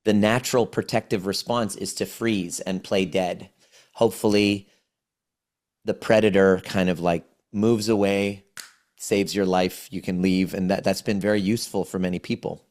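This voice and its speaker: Speaking at a moderate pace with fairly even intonation, this forties-aged podcast guest has a low, slightly mellow voice. He's a trauma healing coach who explains things earnestly and frequently starts his phrases over.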